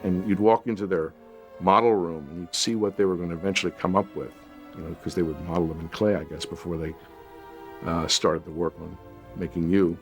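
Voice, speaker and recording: Male actor interviewee, deep voice, reflective anecdote, light music bed. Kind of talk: documentary interview recollection.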